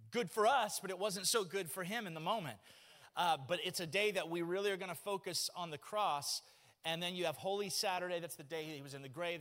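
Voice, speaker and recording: A man, preaching a folksy, joking sermon in a church. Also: high-pitched. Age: 40s. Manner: folksy, joking, animated storytelling. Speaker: pastor. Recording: long reverb of a church hall.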